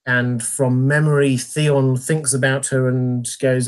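A man hosting a live stream Q&A. He rambles, fills gaps with ums and uhs, and is gently self-deprecating at a mid pitch. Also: little pitch movement, takes it slowly. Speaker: host.

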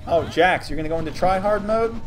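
A man's voice: high voice, fairly quick, faint music behind. A young man from Texas giving casual, joking commentary on a game stream and reading chat messages aloud.

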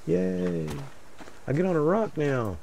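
A low-voiced man with a drawl, chatting through a solo survival game. His pitch swings widely, dropping into mutters and jumping up when excited. Faint noise sits under a plain desk mic. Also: brisk. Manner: rambling, jokey, mutters asides to viewers. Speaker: gaming channel host. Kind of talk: casual solo gameplay commentary.

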